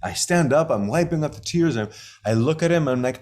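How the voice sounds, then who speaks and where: A man's voice: on the high side, animated, fairly quick, a little mellow. A man teaching about energy work in a casual talk, emphatic and fond of repeating key phrases. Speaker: shamanism teacher.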